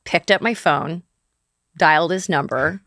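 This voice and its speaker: A woman's voice: low voice, a little slow, no echo, clean studio sound. A middle-aged woman from St. Louis, a guest in an interview, telling her story casually and acting out the voices of people she quotes. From St. Louis, USA. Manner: animated, acts out quoted dialogue.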